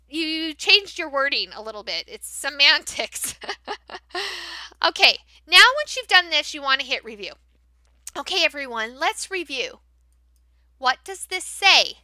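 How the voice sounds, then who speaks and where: A woman teacher demonstrating how to run a class for young learners, switching between explaining to other teachers and modeling big, excited praise for kids. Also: high-pitched, unhurried, pauses often, no room sound. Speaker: teacher trainer. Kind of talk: training demo, modeling classroom talk.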